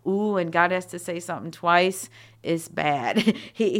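Smooth-voiced woman teaching scripture. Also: fairly low pitch, normal speed. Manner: animated, chatty, many asides and fillers. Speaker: Bible teacher. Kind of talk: conversational Bible teaching.

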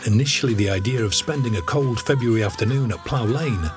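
A man narrating a documentary in a measured, wry scripted voice. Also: medium pitch, music in the background.

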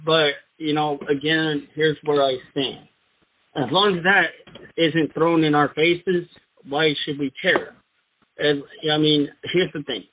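A man co-hosting a talk radio show, answering in a hesitant, halting way with repeated words. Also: on the high side, steady tone, no echo. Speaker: radio co-host. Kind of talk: casual talk radio chat. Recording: dry, tinny phone-like sound.

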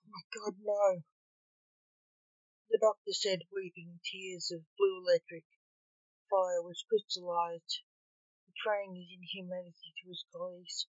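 A woman reading a fan story aloud in plain, even narration, on a dull lo-fi recording. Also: on the low side, moderate pace, dry recording. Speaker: story reader.

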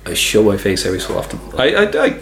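A man's voice: lowish voice, big pitch swings, very fast, gravelly, crowd noise. A middle-aged man in casual podcast chat, rambling with lots of fillers. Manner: chatty, rambling with many fillers. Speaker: podcast guest.

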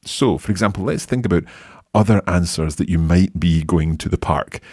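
A man hosting a podcast language lesson, modelling phrases slowly and patiently for a learner. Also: deep voice, darkish tone, husky, dry recording, clean studio sound. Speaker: language teacher and host.

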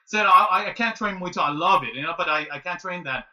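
A man in his late thirties telling a casual story as a guest, animated and halting, with many restarts. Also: sits high, far from the mic, poor audio. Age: 30s. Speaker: guest, martial arts student.

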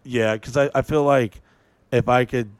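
A man's voice: mid-range voice, fairly even intonation, unhurried, dry recording. A man hosting a podcast, talking in a loose, rambling way, swearing a lot and hammering his points home. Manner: profane, rambling, emphatic. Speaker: podcast host. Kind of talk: casual chat.

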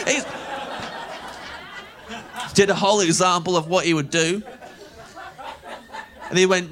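A man's voice: sits high, moderate pace, long pauses, some chatter behind. A young man from England with an English accent, telling a long self-mocking story on stage as a stand-up comedian. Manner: animated, self-mocking, laughing through lines.

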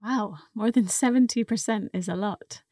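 A woman's voice: medium pitch, moderate pace, dark tone, no echo, studio quality. A woman co-hosting an English lesson podcast, carefully explaining vocabulary and pronunciation. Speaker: co-host and English teacher.

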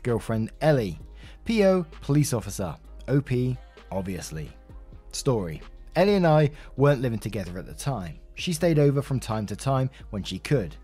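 A man's voice: medium pitch, sing-song, normal speed, mellow, breathy edge, soft background music. A man reading online posts aloud as a story narrator, adding wry casual asides between them.

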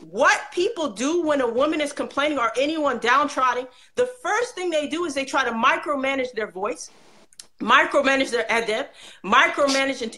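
A woman's voice: sits high, pushed and bright. A woman speaking passionately and emphatically in a religious discussion, with pointed rhetorical questions.

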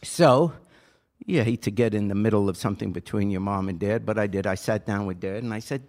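A man's voice: on the low side, a little fast, darkish tone. An older man and podcast host telling a personal story in a casual, earnest way that grows impassioned and pleading.

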